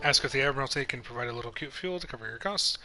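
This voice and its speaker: A man narrates his own playthrough in a loose, chatty way, reading out the game's text and dropping quick comments in between. His voice is very bright and sharp, and faint game music sits low underneath. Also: lively intonation, rough recording. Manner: reads on-screen text aloud between casual asides. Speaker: gameplay commentator. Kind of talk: casual let's-play commentary.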